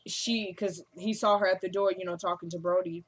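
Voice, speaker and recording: A woman's voice: fairly low pitch, fairly even intonation, brisk. Young woman doing a casual show recap, chatty, lots of "she's like". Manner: chatty, retells dialogue with "she's like". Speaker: recap vlogger.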